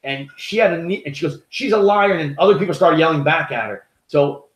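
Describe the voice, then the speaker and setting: Speaking fast in a slightly high voice, an American man co-hosts a casual, opinionated podcast. His storytelling is heated, profane, and rambling, and the room he's in is echoey.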